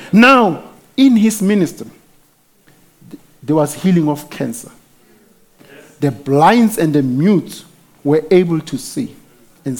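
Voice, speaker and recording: High-voiced man preaching a sermon. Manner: emphatic, frequent hallelujahs and amens, rising to exclamations.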